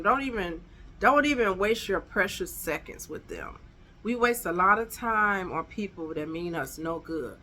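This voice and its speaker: Chatty woman vlogger, bright voice. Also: on the low side, a little hiss or hum. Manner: chatty, emphatic, talks straight to viewers. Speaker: vlogger giving dating advice. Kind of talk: casual advice vlog.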